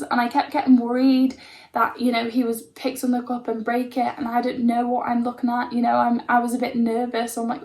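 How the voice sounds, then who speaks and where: Woman with a creaky, flat voice. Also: on the high side, moderate pace. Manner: rambling, full of likes and ums. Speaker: vlogger telling her own story. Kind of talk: casual storytelling to camera.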